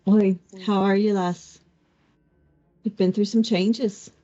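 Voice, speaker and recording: A woman's voice: medium pitch, fairly even intonation, takes it slowly, mellow, voice pushed up, lightly acted. A woman voicing a blunt but caring young woman who braids a friend's hair, speaking brusquely with a tender streak. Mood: gentle. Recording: dull lo-fi recording with faint music.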